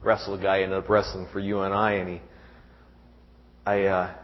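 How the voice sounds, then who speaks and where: A middle-aged man preaching a sermon in a halting way, repeating words and reading scripture aloud. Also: sits low, completely flat delivery. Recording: dull sound with long hall reverb.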